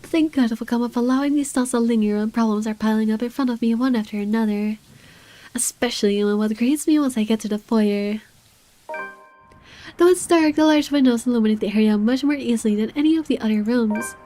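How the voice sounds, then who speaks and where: A woman's voice: fairly high pitch, brisk, mellow, faint music behind, lightly acted. A woman reading a visual novel aloud as an irritable wealthy man with guards, in dry, sardonic first-person narration. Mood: uneasy.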